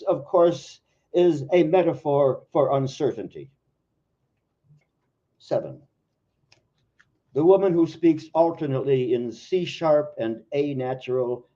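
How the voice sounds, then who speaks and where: A man reading his poems aloud at an open mic in a wry, measured way. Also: medium pitch, mellow. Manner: wry, measured, slow delivery. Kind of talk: poetry reading. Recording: dull lo-fi live recording.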